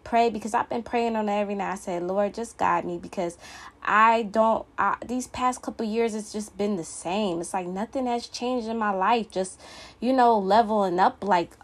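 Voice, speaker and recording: A woman's voice: medium pitch, normal speed. A young woman hosting her own podcast, talking candidly and emphatically in a casual monologue full of fillers. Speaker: podcast host.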